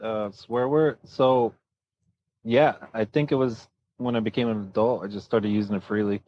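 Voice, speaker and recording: A man's voice: fairly low pitch, steady tone, moderate pace, no echo. Man on a dull, lo-fi mic. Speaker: podcast guest. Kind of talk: casual chat.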